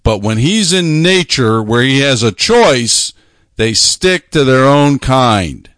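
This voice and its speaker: Man, preacher, sermon, emphatic repetition, medium pitch, dry close sound. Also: animated, slow pace, fairly bright tone, no echo. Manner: emphatic, repeats phrases for stress.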